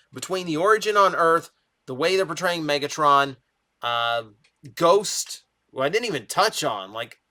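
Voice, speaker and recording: A man's voice: a little high, sharp tone. A young man casually reviewing a cartoon, enthusiastic and rambling with fillers, his voice a little strained from long talking.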